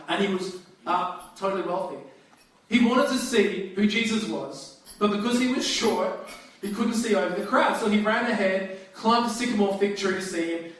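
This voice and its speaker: High-voiced man preaching in an echoey hall. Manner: conversational, lively preaching with restarts. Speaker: pastor. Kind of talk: sermon. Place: church hall. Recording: very echoey hall, distant mic.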